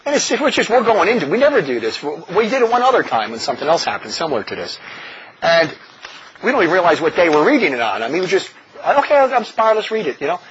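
Man, high husky voice, very lively pitch, impassioned religious talk, dull recording. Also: fast talker, slight background noise. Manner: animated, mocking, with frequent laughs. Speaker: religious brother leading a community.

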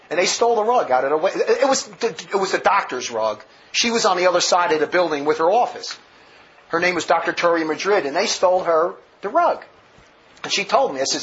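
High-pitched guy ranting through a sermon, keeps restarting sentences, muffled lo-fi sound. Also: big pitch swings, fast, fairly bright tone. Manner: vehement and rambling, with many restarts. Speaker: preacher. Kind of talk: sermon with personal stories. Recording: dull lo-fi recording.

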